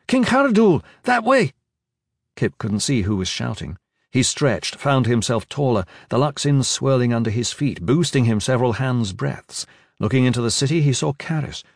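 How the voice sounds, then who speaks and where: Male narrator, mid-pitched, reads fantasy action with dramatic intensity, dead-dry close recording. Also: a little mellow, no echo. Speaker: audiobook narrator.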